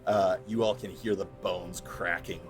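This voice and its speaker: Low-voiced man running a tabletop game. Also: fairly even intonation, unhurried, music in the background. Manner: laughs often, easygoing rulings. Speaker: game master.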